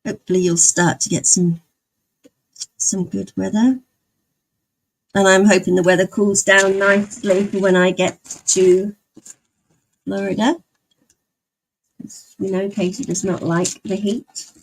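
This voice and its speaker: A woman's voice: mid-range voice, level tone, measured pace, creaky, pauses often, slight background noise, low-quality recording. Chatty woman streamer. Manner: chatty, answers viewers' comments. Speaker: livestreamer. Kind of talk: casual chat.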